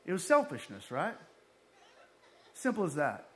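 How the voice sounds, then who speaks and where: A male pastor preaching a lively sermon, with joking asides and acted-out quotes. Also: a little high, unhurried.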